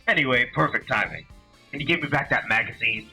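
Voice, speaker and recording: A man reading a visual novel aloud, voicing a whiny, excitable middle-aged man who pleads on the edge of tears. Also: fairly quick, gravelly, husky, soft background music, full character voice. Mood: cheery. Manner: high-pitched, pleading, near tears.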